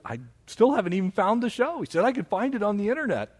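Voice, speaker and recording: A man preaching a sermon as pastor of his church, with animated delivery that mocks objections in a raised voice. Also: fast talker, slightly rough. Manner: animated preaching, mocking quoted objections in a higher voice.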